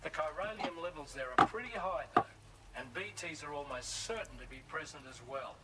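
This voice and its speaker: An actor voices a polite, slightly apologetic Australian coordinator in a video game, asking for help with some urgency. His voice is a bit high, with steady ambient noise behind it. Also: a little fast, lightly acted. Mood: urgent. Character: apologetic male field coordinator.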